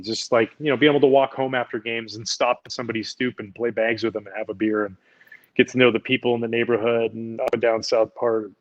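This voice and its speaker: A man in his forties, a podcast guest, telling relaxed, rambling stories with lots of fillers. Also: mid-range voice, lo-fi sound. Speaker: podcast guest, former pitcher. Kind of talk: casual storytelling chat.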